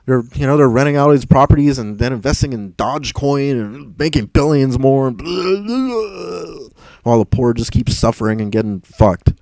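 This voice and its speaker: A man's voice: mid-range voice, brisk, hardly any pauses, darkish tone, no echo, rough recording. Exasperated man ranting through a livestream. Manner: rambling, exasperated, swears, laughs often. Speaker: livestream host reading chat. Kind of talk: casual livestream chat.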